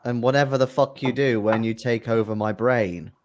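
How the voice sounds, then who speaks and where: A man's voice: mid-range voice, steady tone, moderate pace, slight background noise. A man playing a tabletop game, talking bluntly and swearing freely. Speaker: player. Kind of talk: casual tabletop game chat.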